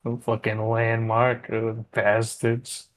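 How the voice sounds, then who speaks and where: A man's voice: mid-range voice, completely flat delivery, slow pace, natural voice. A man voicing a blunt, foul-mouthed boss who grumbles and swears casually. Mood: grumbling.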